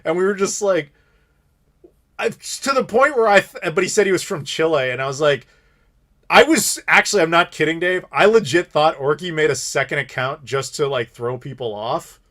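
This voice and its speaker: A man in his thirties hosts a live stream question session, wandering through stories in easy casual chat. His voice sits a little high and tumbles along with animated asides. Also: moderate pace. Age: 30s. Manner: rambling, animated storytelling with laughs. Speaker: streamer host.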